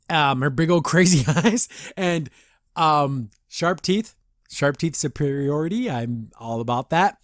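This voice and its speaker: A man's voice: fairly high pitch, no room sound, studio quality. A man hosting a podcast, giving a casual, rambling review of a cartoon episode, acting out the characters' lines and laughing often. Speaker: podcast host.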